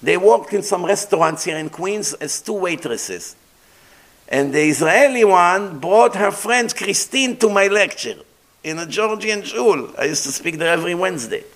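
A middle-aged man giving a storytelling sermon as a rabbi, animated, acting out dialogue and mixing in Hebrew terms. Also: sits high, normal speed. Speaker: rabbi lecturer.

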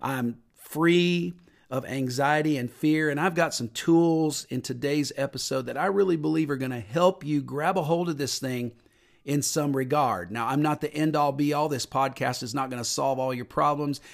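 A middle-aged man, a minister hosting a podcast, talking earnestly in a preaching manner, lifting his voice on scripture and dropping low for personal stories. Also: moderate pace, vocal fry. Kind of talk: podcast sermon talk.

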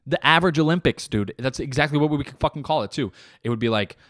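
A man's voice: medium pitch, fast, no echo, clean studio sound. A young adult man hosting a podcast, riffing in a casual comedic monologue, rambling and swearing a lot.

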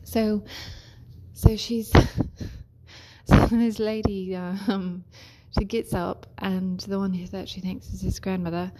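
A woman's voice: medium pitch, little pitch movement, takes it slowly. Chatty woman telling a story. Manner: chatty, laughs often, drops into soft whispery asides. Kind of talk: casual storytelling.

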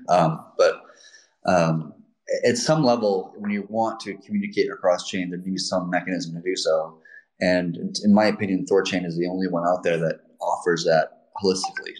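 A man with a notably deep voice answers technical questions on a live audio call. He reasons aloud in a loose, step-by-step way, dropping fillers as he goes, and his line sounds choppy. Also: poor audio. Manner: thinks aloud, explaining step by step with filler words. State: choppy connection that listeners call a robot voice. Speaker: core developer answering questions.

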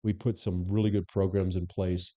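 A low, very dark-toned man recounts stories as a podcast guest, restarting sentences as he goes. He speaks in a relaxed conversational style. The recording is dull and lo-fi. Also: normal speed. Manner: animated storyteller who acts out quoted dialogue, frequent restarts. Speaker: former police chief, podcast guest. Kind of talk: casual interview storytelling.

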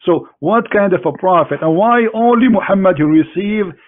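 A man's voice: high voice, moderate pace. Mocking man on a tinny line. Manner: mocking, teasing, repeats phrases for emphasis. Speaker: host debating a caller. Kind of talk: argumentative religious debate call. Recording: phone-like narrow band.

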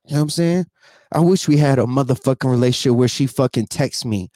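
Here a vlogger in his thirties delivers a quick-paced, tearful rant to camera in a mellow, mid-range voice. It's unscripted, profane and repetitive, punctuated by sighs and the repeated question of whether you know what he means, recorded in studio quality without echo.

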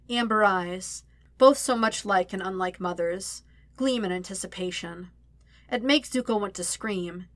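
A woman reading a story aloud as narrator, with steady, even storytelling. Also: medium pitch, unhurried, dry recording. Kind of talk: audiobook-style fan fiction reading.

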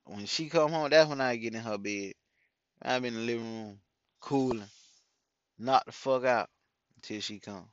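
A middle-aged man rambles through stories from his life in a loose, profane way, with "man" tacked onto nearly every sentence. His voice sits at an ordinary pitch. It comes through a dull, muffled phone mic with a dry, close sound. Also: normal speed, long pauses, dry recording. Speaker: father talking to his followers. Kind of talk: casual storytelling monologue.

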